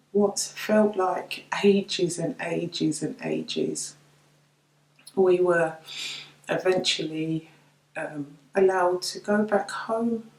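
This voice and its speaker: A middle-aged woman telling of her daughter's death, halting and tearful, repeating her words. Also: fairly low pitch, reverberant, poor audio. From United Kingdom. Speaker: bereaved mother sharing her story. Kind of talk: personal testimony to camera.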